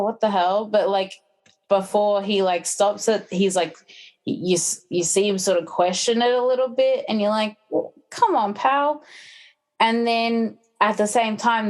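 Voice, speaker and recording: A woman's voice: mid-range voice, darkish tone. A woman guest in casual podcast chat, retelling film plots with many fillers.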